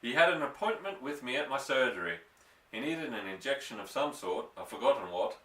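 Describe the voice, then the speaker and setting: A man reading a storybook aloud, voicing an excitable, indignant little elderly country doctor. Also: fairly quick, recorded from a distance. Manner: indignant, excitable, raised higher voice. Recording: echoey room, voice off-mic.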